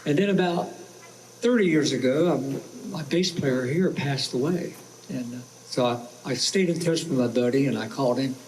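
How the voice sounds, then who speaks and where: A man's voice: mid-range voice, normal speed, darkish tone, a little hiss or hum, low-quality recording. Folksy older man talking from the stage. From Ohio. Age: 70s. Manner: folksy, plainspoken, self-deprecating. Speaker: folk singer. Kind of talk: casual stage talk before a song. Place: outdoor picnic stage. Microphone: stage microphone.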